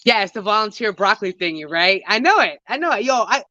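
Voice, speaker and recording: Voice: medium pitch, expressive, fast talker, sharp tone. A New voice rambling through gardening answers, full of slang and half-finished thoughts that keep getting corrected. The sound is dull and lo-fi, picked up by a handheld phone, and close and dry with no echo to it. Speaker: gardening vlogger answering viewer questions. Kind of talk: casual chat. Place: outdoor home garden. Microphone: handheld phone camera while walking.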